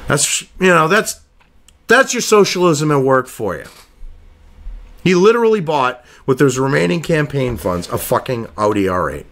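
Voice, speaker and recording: A man's voice: mid-range voice, expressive, normal speed, fairly bright tone. A man giving profane political commentary, ranting sarcastically and reading news excerpts aloud between crude asides.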